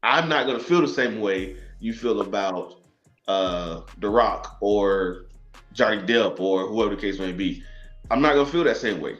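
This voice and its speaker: A lower-voiced man with a Southern accent, a little tipsy, rambling loosely and cursing casually in bar-side podcast chat. The sound is dull and lo-fi, with faint music underneath. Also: expressive, normal speed, a bit bright. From South Carolina. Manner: rambling, laughs often, swears freely. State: tipsy from drinking. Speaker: guest, movie reviewer.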